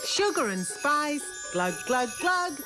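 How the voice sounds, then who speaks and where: Cartoon fairy nanny, female, fussy and bossy, lively swooping voice, unhurried. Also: high voice, over music, exaggerated voice. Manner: prim, fussy, matter-of-fact. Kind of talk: cartoon voice acting.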